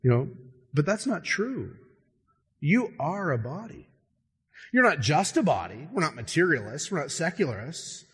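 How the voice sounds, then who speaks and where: A man's voice: a little high, slightly rough. Man preaching in an echoey hall. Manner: animated preaching, swinging between slow stressed words and quick asides. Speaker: pastor. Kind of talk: sermon.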